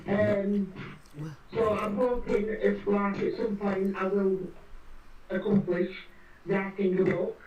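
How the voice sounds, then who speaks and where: A woman's voice: mid-range voice, level tone, slow, a little mellow, highs cut off, slight background noise. Woman, British accent, guest, shy, hesitant, distant roomy audio. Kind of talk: casual chat.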